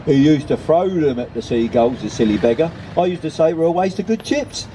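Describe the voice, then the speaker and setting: A man's voice: a little high, expressive, brisk, dark tone, slight background noise, natural voice. A man reading aloud, voicing a chatty old woman who fondly recounts a homely tale. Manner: rambling, homely storytelling.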